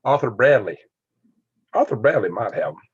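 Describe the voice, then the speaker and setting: On narrow, tinny audio with no echo, a Southern-accented livestream host chats casually and reads viewer comments. His medium-pitched voice is slightly rough, swings widely in pitch, and moves at a moderate pace as he rambles folksily, chuckling a lot.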